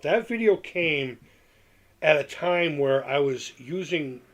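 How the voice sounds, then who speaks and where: A man's voice: a little high, vocal fry, a bit bright. Candid rambling man on a livestream. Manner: rambling, candid, repeats himself, frequent restarts. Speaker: livestream host reading chat. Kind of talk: casual livestream chat.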